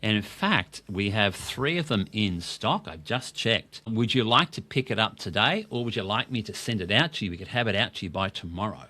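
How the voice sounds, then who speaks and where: Friendly shop assistant bot, eager to help, an Australian man doing it, lowish, bright tone. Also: animated, normal speed, hardly any pauses. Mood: eager helpful. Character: cheerful helpful male shop video assistant.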